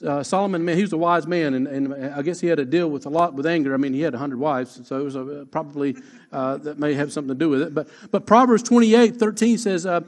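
A man preaching a sermon as pastor, emphatic, slowing down to repeat his key lines. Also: a little high.

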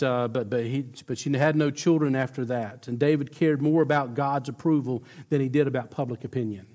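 A man's voice: mid-range voice, darkish tone. A man preaching a sermon, telling a story with emphatic builds and frequent restarts.

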